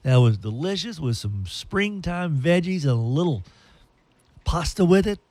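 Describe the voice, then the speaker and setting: Animated male radio host telling a story. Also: on the high side, unhurried, dry recording. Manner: animated, playful storyteller who puts on silly voices.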